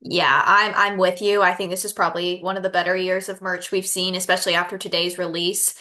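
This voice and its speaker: A woman's voice: fairly low pitch, flat delivery, brisk, sharp tone. A woman co-hosting a podcast over a video call, chatting casually, bubbly and laughing often with playful sarcasm. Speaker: podcast co-host. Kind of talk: casual chat.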